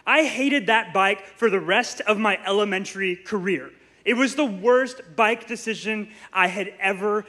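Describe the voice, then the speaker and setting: A man in his thirties preaches in a church, his voice high and forceful. He tells stories with animated energy and throws playful asides to the room. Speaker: pastor. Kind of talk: sermon. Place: church sanctuary.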